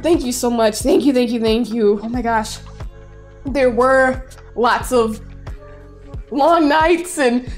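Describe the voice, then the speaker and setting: A young woman chatting on a live stream, voice sitting high and bright in pitch. She gushes freely and excitably, laughing easily between phrases. Soft music plays faintly under her. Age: young adult. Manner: effusive and excitable, often laughing. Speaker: streamer reading viewer messages. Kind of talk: casual live-stream chat.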